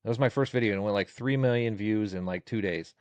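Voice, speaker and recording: A man chatting as a podcast guest in a relaxed, talkative, earnest way. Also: lowish voice, fast talker, clear, resonant tone, no room sound. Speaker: guest, social media creator. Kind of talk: casual interview chat.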